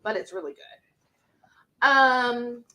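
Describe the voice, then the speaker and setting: Slow, unhurried woman. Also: fairly high pitch, sharp tone, rough recording. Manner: slow, unhurried, lots of ums. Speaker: co-host of a live cooking stream, reading viewer comments. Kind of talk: casual chat, reading out chat comments.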